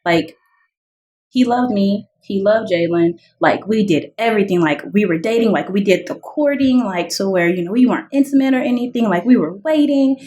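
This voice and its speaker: A woman's voice: mid-range voice, moderate pace, warm tone. Earnest woman sharing a personal story. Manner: earnest, heavy use of "like" fillers; reenacts dialogue in raised voices. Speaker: podcast guest. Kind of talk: personal testimony in conversation.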